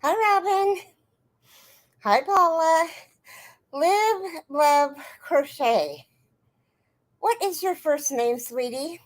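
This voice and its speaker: A woman's voice: high-pitched, animated, extremely slow, long pauses. A woman hosting a crochet livestream, chatting casually and greeting viewers by name in a sing-song lift. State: out of breath.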